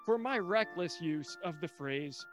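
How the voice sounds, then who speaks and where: A man's voice: a little high, lively intonation, a little slow, faint music behind. A man co-hosting a comedy podcast with a dry, mock-formal, sarcastic delivery. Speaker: podcast co-host. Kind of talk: comedic casual chat.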